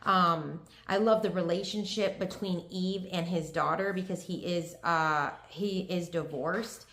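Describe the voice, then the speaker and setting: A woman's voice: on the low side, steady tone, measured pace, a bit bright. Chatty young woman in an echoey room. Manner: chatty, gushing, filler-heavy. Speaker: book vlogger. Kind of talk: casual book review chat.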